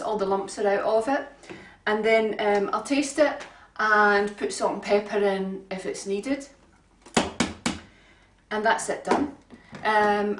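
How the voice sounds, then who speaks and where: A woman giving a relaxed, homely cooking demonstration in her kitchen, chatting along with frequent ums. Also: medium pitch, heavy background noise. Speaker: home cook. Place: home kitchen. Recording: roomy kitchen sound from a distant mic.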